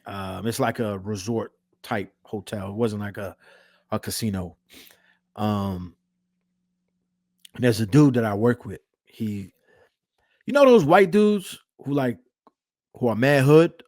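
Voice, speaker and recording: A man's voice: fairly low pitch, slow pace, pauses often, a little mellow, no echo, clean studio sound. A man co-hosting a podcast, telling stories in loose, profane casual chat. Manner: profane, laid-back storyteller. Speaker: podcast co-host.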